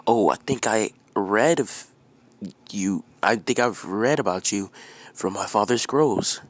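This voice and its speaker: A man voicing an eager, excitable young boy hero who exclaims in wonder, in a storytelling fan narration. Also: lowish voice, takes it slowly. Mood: curious.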